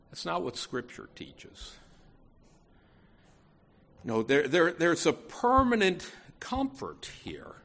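A man's voice: medium pitch, a bit bright. A man preaching a sermon in an earnest, emphatic way, often restarting phrases and saying "you know".

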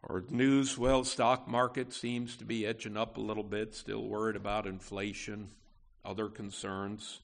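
A man preaching a sermon as pastor, emphatic, with wide swings in pitch and loudness. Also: flat delivery, unhurried, vocal fry.

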